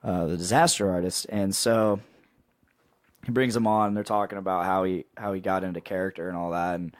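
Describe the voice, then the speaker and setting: A man's voice: low-pitched, steady tone, brisk, no echo. A man hosting a podcast in casual chat, rambling and laughing, with many restarts. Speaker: podcast host.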